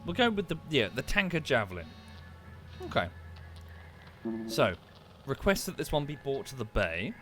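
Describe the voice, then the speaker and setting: A UK gamer with a medium-pitched, fairly bright voice talks at a moderate pace, swinging widely in pitch and taking long pauses, over background music. His casual play-by-play chat meanders, with plenty of swearing and self-interruption.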